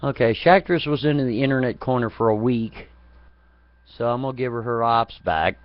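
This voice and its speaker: A man's voice: mid-range voice, moderate pace, no room sound. A man hosting a live chat broadcast, rambling in a profane, taunting and mocking way. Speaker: chat room moderator. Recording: dull lo-fi, dry.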